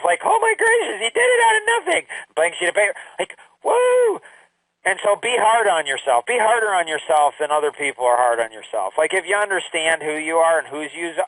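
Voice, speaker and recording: An older man giving his grandchildren a rambling, emphatic life lesson, with sudden high exclamations. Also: a bit bright, no echo, distant mic, rough recording. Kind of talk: casual recorded talk to family.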